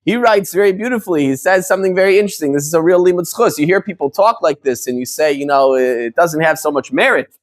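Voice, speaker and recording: A man's voice: fairly high pitch, expressive, fast talker. A middle-aged man, a rabbi, teaching a conversational Torah lesson, explaining patiently with restarts and Hebrew terms in Ashkenazi pronunciation.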